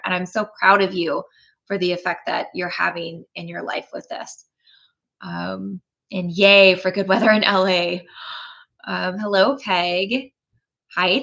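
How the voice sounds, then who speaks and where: A woman hosting a live tapping session, gentle and encouraging, greeting chat viewers with frequent ums. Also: fairly low pitch, creaky, lo-fi sound.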